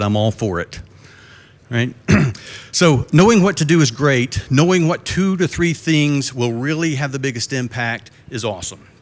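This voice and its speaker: A middle-aged man giving a live conference keynote, telling folksy jokes and putting questions to the crowd. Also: on the high side. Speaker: keynote speaker. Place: conference stage before a live audience.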